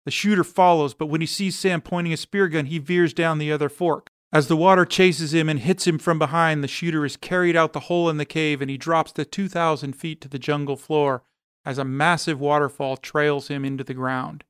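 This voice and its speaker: A man reading an action story aloud as narrator, in a steady, even delivery. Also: a little high, brisk, smooth, no echo, studio quality.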